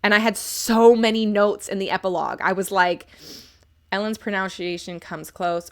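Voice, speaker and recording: A woman's voice: fairly low pitch, normal speed. Chatty woman streamer, self-mocking. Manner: chatty and self-mocking, reads chat aloud. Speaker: streamer reviewing a book. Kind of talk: casual live-stream chat.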